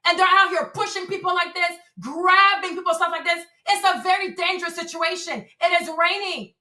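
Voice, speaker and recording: A woman's voice: very high-pitched, steady tone, normal speed, pushed and bright, roomy sound. A woman hosting a livestream, talking emphatically and repetitively, often stammering and restarting her words. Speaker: livestream host; mother. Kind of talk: heated livestream commentary.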